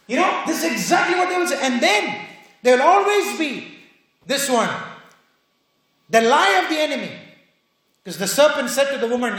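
A man preaching a sermon in a very high, lively voice that swoops up and down as he drives home each point. He hammers rhetorical questions and repeats them for weight. The sound rings around a strongly echoing church hall. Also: normal speed, pauses often. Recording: very echoey hall.

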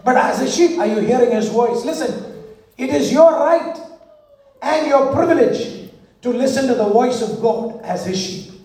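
A man's voice: extremely high pitch, lively intonation, normal speed, a little mellow, a little hiss or hum. A male pastor preaching a sermon, with rhythmic call-and-response and repeated parallel phrases, recorded in a church. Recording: echoey church hall from far off.

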